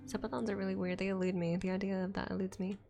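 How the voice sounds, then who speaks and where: A woman's voice: mid-range voice, little pitch movement, very fast, vocal fry, over music. A young woman streamer chatting casually late at night, rambling, swearing often and laughing between thoughts.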